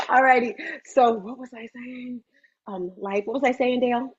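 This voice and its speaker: A woman with a high, slightly husky voice talks through a motivational livestream in a chatty, animated way, tossing in teasing asides. The sound is dull and lo-fi. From United States. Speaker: host. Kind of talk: lively motivational livestream talk.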